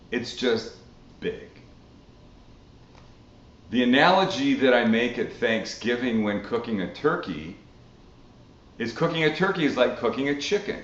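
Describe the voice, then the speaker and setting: Chatty Canadian-born cooking host, roomy sound. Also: male voice, medium pitch, lo-fi sound. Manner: animated, swearing, chatty storytelling. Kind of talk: casual live-stream Q&A.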